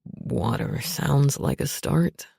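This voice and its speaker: A woman voicing a wounded male shadow wraith who talks in a slow, slurred rumble. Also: lively intonation, gravelly, warm tone, husky, dry recording, clean studio sound, heavily acted. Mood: groggy, gruff.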